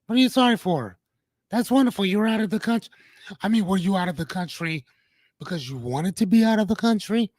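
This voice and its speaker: A man's voice: high voice, lively intonation, brisk, a little mellow, no room sound. A man hosting a casual livestream, chatting playfully with viewers in a rambling way and greeting them by name. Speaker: livestream host.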